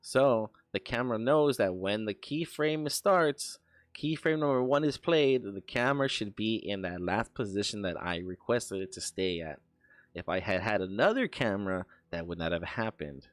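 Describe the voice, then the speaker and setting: A man's voice: lowish voice, animated, normal speed, no echo, studio quality. A young man streaming while he works on an animation, chatting casually, rambling, laughing and swearing as he tells stories.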